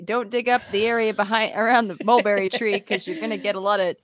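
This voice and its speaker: A woman from Los Angeles, guest-hosting a podcast in casual chat, who tells stories in an animated way and acts out quotes. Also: medium pitch, fast talker. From Los Angeles, California. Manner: animated storytelling, acting out quotes with laughter. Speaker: guest host.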